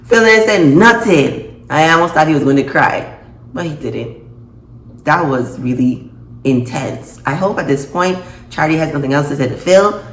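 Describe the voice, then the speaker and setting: A woman reviewing a TV episode in a casual vlog, expressive and quick to laugh and gasp. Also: sits low. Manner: expressive, reacts with laughs and gasps. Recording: echoey room, faint noise.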